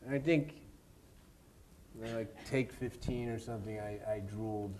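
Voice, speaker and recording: A man, an actor, telling a lively anecdote in an interview at a university event, laughing and mimicking the people in it. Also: fairly low pitch, normal speed. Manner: animated, laughing storyteller who mimics others.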